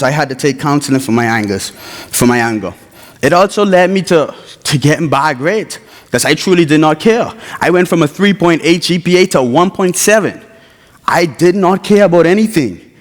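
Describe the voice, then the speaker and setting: Young Bahamian man telling his story in a chapel hall. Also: on the high side. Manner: storytelling, acts out quoted voices, informal grammar. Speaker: chapel speaker. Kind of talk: personal testimony speech. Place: college chapel. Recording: long hall reverb.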